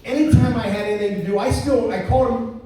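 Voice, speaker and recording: A man's voice: high voice, fast, dark tone. A middle-aged man giving a casual retirement roast speech, rambling through stories with stumbling restarts and chuckles. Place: indoor party venue. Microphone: phone camera far from the speaker. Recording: echoey, distant, faint room noise.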